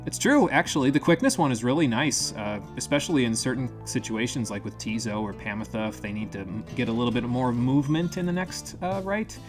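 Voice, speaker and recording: A man's voice: medium pitch, animated, fairly quick, few pauses, music in the background. Chatty man streaming a video game. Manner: chatty, thinks aloud, casual swearing. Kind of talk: live gameplay commentary.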